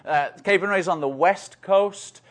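A man's voice: high-pitched, unhurried, fairly bright tone. An English man in his forties, a guest speaker opening a talk with chatty, self-deprecating preaching and joking asides. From northeast England. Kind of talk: conversational preaching.

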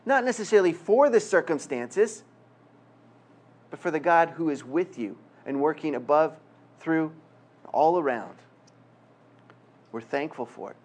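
A man preaching a sermon, reading scripture slowly and emphatically, with humorous asides. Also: a little high, animated, darkish tone. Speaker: pastor.

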